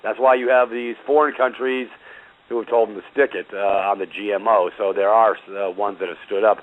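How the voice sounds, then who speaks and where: A man's voice: fairly low pitch, steady tone, brisk. A male radio talk show host ranting sarcastically at his listeners, often calling them "folks" and filling with "uh". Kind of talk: opinionated call-in talk. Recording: tinny phone-line audio.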